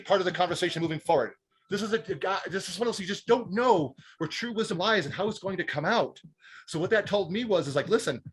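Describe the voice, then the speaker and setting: Fast-talking husky man. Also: high-pitched. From Detroit, United States. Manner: animated, emphatic, repeats words when excited. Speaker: guest speaker. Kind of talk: personal storytelling in an interview.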